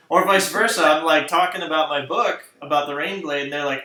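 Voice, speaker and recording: Bright-voiced man, slightly high, animated, laughs easily; echoey room. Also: brisk. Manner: animated, self-deprecating, laughs often. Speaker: author and graphic designer. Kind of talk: casual chat.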